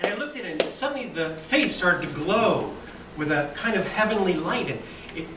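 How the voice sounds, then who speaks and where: A man giving a humorous keynote speech at an awards dinner, telling an absurd story in a playful way with deadpan asides. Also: sits high, moderate pace. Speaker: keynote speaker. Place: banquet hall at an awards dinner. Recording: echoey, distant hall recording with loud noise.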